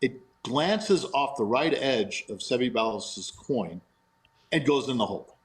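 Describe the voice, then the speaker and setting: A man telling a long anecdote in a lively way, laughing as he goes. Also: mid-range voice, a little slow, rough recording. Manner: animated storyteller, laughs often. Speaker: guest golfer in a played clip.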